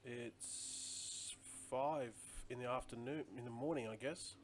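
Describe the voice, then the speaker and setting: A man's voice: mid-range voice, slow pace, slight background noise. Rambling man live streaming. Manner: rambling, chatty, answers viewer comments. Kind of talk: casual live stream chat.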